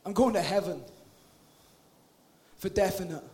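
A man's voice: sits high, unhurried, warm tone. A man from Britain, preaching a sermon to a crowd with impassioned, casual, slangy directness.

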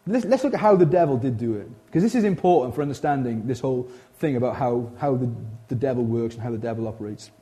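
A man preaching an informal sermon, animated and chatty, often breaking off into asides and restarting his sentences. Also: medium pitch, fast, hardly any pauses. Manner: animated, chatty, frequent self-interruptions and asides.

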